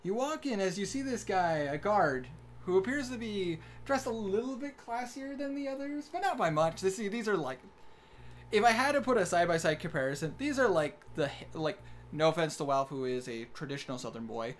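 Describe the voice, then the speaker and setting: Rambling game master from Minnesota. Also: male voice, high-pitched, animated, fairly quick, a little hiss or hum. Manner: rambling, filler-heavy, joking narration. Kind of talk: narrating a tabletop game over voice chat.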